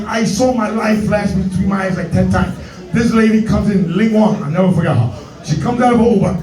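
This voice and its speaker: On a comedy club stage, a New York man with a high-sitting, darkish voice delivers a brash, profane stand-up routine packed with street slang and put-on voices. The recording is rough and reverberant, captured from a distant mic.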